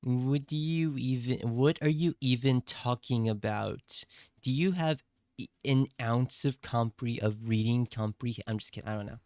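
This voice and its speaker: A young man chats to his stream at an unhurried, drawn-out pace, rambling and joking along. His voice comes through smooth and clear. The sound is dry and close, with no room around it. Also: mid-range voice, darkish tone, dry recording. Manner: rambling, playful, talks straight to chat. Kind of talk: casual livestream chat.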